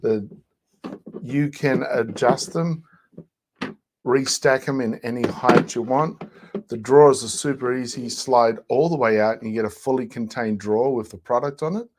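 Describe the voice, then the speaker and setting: A man's voice: mid-range voice, normal speed, background noise. A man hosting a live shopping show, walking through each product's features step by step. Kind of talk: product demonstration.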